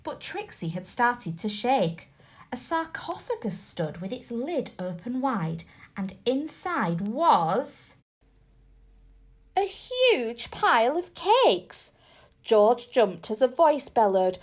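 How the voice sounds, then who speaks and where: A woman reading a children's bedtime story aloud, lively and expressive. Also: on the high side, takes it slowly.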